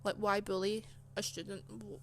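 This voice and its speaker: A woman's voice: medium pitch, level tone, moderate pace, gravelly. A young woman telling a casual personal story, chatty and indignant, full of filler words. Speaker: channel host.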